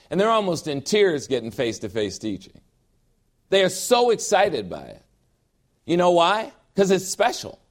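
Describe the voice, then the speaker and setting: A man preaching a sermon as pastor, emphatic, dropping low and slow to read scripture.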